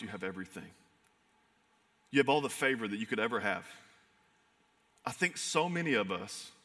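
A man preaching a sermon in an earnest, emphatic way, swinging from fired-up to hushed. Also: medium pitch, long reverb tail. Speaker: pastor.

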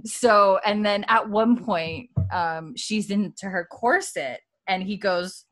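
Lively woman recapping with acted-out lines. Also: mid-range voice, takes it slowly. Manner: animated storyteller, acts out characters' lines, laughs often. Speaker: podcast co-host recapping a TV episode. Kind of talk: casual chat.

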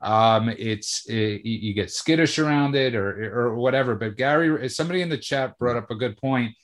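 A man co-hosts a casual podcast. He talks with halting, stammering restarts. In between he runs through friendly promo reads for the show. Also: medium pitch. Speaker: podcast co-host.

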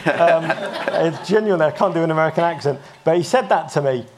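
An English man in his fifties, a broadcaster telling lively, self-mocking stories as a guest in a live interview. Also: on the high side, fast, background noise. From England. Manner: animated, self-mocking anecdotes with frequent restarts. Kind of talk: live on-stage interview storytelling.

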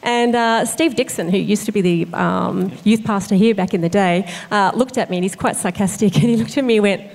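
A woman's voice: medium pitch, brisk, vocal fry, a little mellow, in a large hall. A woman associate pastor, talking earnestly and thoughtfully about her calling in an interview, with frequent fillers and restarts. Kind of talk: conversational interview.

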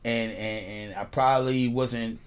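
Guy telling a wild story on a podcast, animated, swears a lot. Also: medium pitch, measured pace, clear, resonant tone. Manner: animated storyteller, swears freely, repeats "you know what I mean". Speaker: podcast host. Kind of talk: casual storytelling chat.

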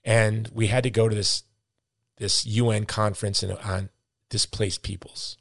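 A man's voice: fairly low pitch, level tone, unhurried, a bit bright, dry recording. Middle-aged man ranting with dry sound. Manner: ranting, emphatic, repeats words for stress. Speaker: podcast host. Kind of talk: impassioned podcast commentary.

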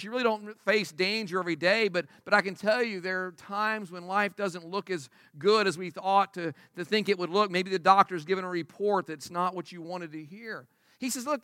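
A man's voice: sits high, bright, forceful tone, dry recording, clean studio sound. A man preaching a sermon as pastor to his congregation, emphatic and conversational, asking many rhetorical questions. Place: church service before a congregation.

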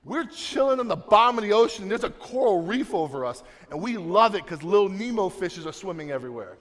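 Young guy preaching, highish voice, goes from hushed to full-on emphatic, big reverby church hall. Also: big pitch swings, a little fast, few pauses. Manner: swings from soft and low to loud and emphatic. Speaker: pastor. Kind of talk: sermon. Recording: long reverb of a large hall.

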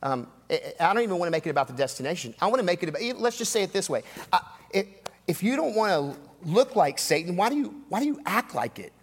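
A man's voice: high voice, sing-song, fast, slightly rough. A man preaching a sermon, emphatic and repetitive, with rhetorical asides and dramatic drops in voice. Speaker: pastor. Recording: long hall reverb.

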